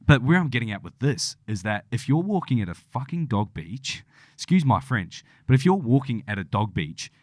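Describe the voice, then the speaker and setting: A young man co-hosts a podcast, his medium-pitched voice very animated at a moderate pace, captured in a dry, clean studio recording. Chatting casually, he rambles through a long story, swearing freely and acting out what people said.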